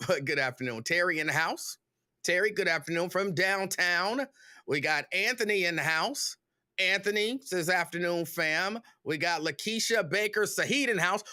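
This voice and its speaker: A man hosting a livestream talk show, greeting viewers one by one in a relaxed, chatty way. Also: high-pitched, moderate pace, no room sound, studio quality.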